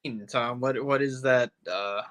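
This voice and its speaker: A man's voice: mid-range voice, unhurried, fairly bright tone. A man co-hosting a podcast, chatting in a dry, teasing way. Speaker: podcast co-host. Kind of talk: casual podcast chat.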